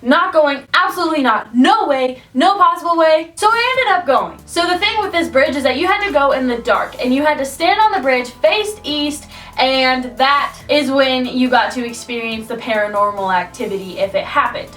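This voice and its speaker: A young woman vlogger telling a scary story from her own life in an animated way, her voice rising at the tense moments. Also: sits high, normal speed, recorded from a distance, faint music behind. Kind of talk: storytime vlog.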